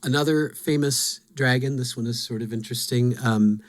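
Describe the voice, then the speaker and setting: A man of middling pitch talks through fantasy game lore as a podcast host. His delivery is casual and musing. He is quick to poke fun at himself over what he does not know. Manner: musing, self-deprecating.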